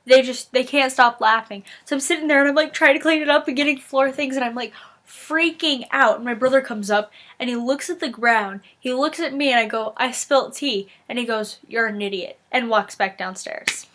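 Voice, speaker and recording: A teenage girl vlogging from her bedroom, telling funny stories in an animated, giggly way with lots of restarts. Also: high voice, brisk. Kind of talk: casual storytelling vlog. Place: bedroom with window open.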